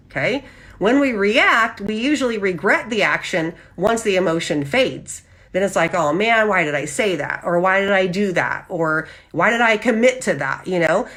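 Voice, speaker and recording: A woman hosting a live Christian devotional, talking animatedly and checking in with her listeners. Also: mid-range voice. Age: adult with husband and child. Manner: animated, often checks in with "okay?"; acts out lively quoted voices. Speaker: Christian women's devotional host.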